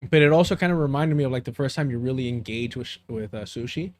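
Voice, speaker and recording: A man at middle pitch hosts a live stream in casual, rambling chat. He tells long stories to his viewers, slips into Spanish phrases, and keeps losing his word mid-sentence. He grew up in the US–Mexico border region. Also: fast talker, a little mellow, a little hiss or hum.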